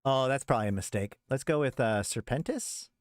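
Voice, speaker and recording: A man's voice: medium pitch, animated, fairly quick, no room sound, studio quality. A man streaming a casual talk on game lore and reading a story aloud, rambling with many restarts.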